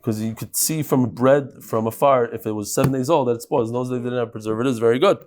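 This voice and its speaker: A man teaching a lively Talmud class and talking straight to his students. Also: medium pitch, fast talker, background noise. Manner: animated, talks to the students. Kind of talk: lively Daf Yomi class.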